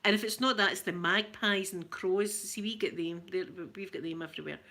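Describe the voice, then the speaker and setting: A middle-aged Scottish woman with a Scottish accent, chatting casually to her livestream viewers as host and telling stories with lively animation. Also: medium pitch, brisk. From Scotland. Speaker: ASMR channel host.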